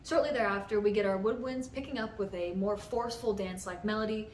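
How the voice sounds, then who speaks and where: A woman's voice: medium pitch, quick pace. Young woman explaining music theory, roomy distant sound. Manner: patient, methodical, counts beats aloud. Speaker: composer explaining her own piece.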